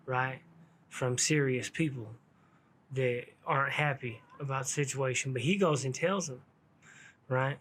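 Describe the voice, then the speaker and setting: A man's voice: mid-range voice, fairly bright tone. A man telling a story from his own past in casual, slangy street talk, swearing freely and laughing along.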